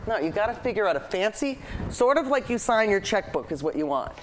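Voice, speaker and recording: A woman's voice: mid-range voice, very animated, brisk, a little hiss or hum. A woman hosting a live painting lesson, chatting eagerly and thinking aloud as she paints. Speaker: painting show host and art teacher.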